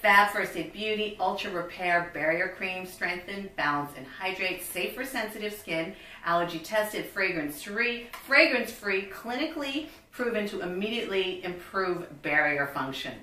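Woman, 50s, bubbly beauty vlogger, bright voice, recorded a little far from the mic. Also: fairly low pitch, animated, moderate pace, roomy sound. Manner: bubbly, chatty, reads product labels aloud. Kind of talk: casual unboxing chat.

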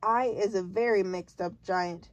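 A woman voicing a big, muddled but kindly male giant who mangles his grammar, reading slowly in a dry, close recording. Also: dry recording, natural voice. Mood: earnest. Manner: jumbled grammar, booming and emphatic.

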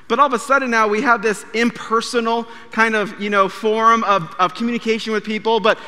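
Bright, high-voiced male pastor preaching. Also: brisk, in a large hall. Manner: animated, acts out quoted dialogue. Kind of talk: sermon with storytelling. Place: church sanctuary.

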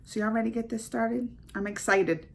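A woman hosting a casual reaction video, playful and excitable, sometimes dropping to a whisper. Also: a little high, a little fast, gravelly, heavy background noise. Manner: playful, sing-song and excitable, drops into whispers.

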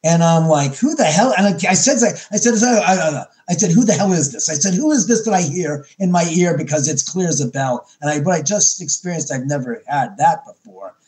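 A man's voice: on the high side, animated, a little fast, few pauses, darkish tone. A middle-aged man, a podcast guest, tells a story with animation, acting out his own lines and often restarting sentences. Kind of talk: storytelling interview.

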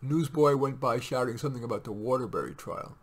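A man's voice: mid-range voice, fast talker. Man reading a short story aloud. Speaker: reader.

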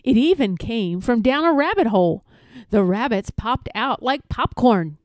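Brief: a woman narrating a picture book, slow and expressive, dry close sound. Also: a little high, dry recording. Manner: expressive, gentle storytelling. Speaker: storybook reader. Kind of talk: children's picture book read-aloud.

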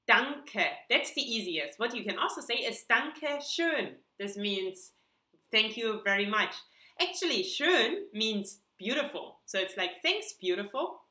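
A woman, teaching a video language lesson and patiently repeating each word clearly. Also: mid-range voice, pushed and bright. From Germany. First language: German. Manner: patient, enunciates words slowly and repeats them. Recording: echoey room.

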